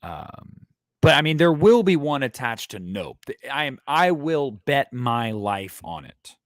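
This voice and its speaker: A man hosting a casual movie news livestream who rambles and jokes crudely in an animated way. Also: medium pitch, unhurried, no room sound, studio quality. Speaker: host of a movie news stream.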